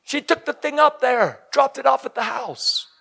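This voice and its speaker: A man preaching a sermon, emphatic and breaking into shouts at the high points. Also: moderate pace, gravelly.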